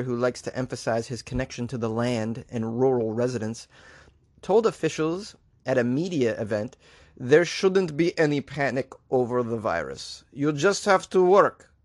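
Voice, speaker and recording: Rambling, joking male talk-show host. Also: mid-range voice. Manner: joking, rambling, laughs at own jokes, stumbles over names. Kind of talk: comedic talk-show riffing on news.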